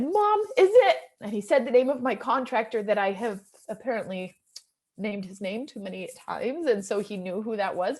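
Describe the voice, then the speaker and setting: High-voiced woman in her 30s telling a heartfelt story to a crowd, earnest, goes from hushed to excited. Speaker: real estate investor speaker. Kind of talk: personal story told to an audience.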